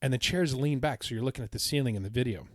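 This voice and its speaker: A man's voice: medium pitch, fast, no room sound, clean studio sound. A man co-hosting a podcast, recounting his trip in a casual, enthusiastic, rambling way. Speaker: podcast co-host. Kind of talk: casual chat.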